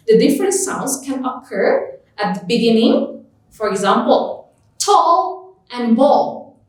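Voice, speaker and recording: A woman, a native Indonesian speaker, teaching an English test lesson, slowly repeating example words with clear stress. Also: on the high side. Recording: echoey room, voice far from mic.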